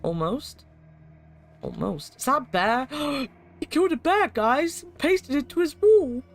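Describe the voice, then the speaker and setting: A woman's voice: high voice, lively intonation, measured pace, soft background music. A young adult woman streaming a game, chatting casually with viewers and laughing often. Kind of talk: casual gaming commentary.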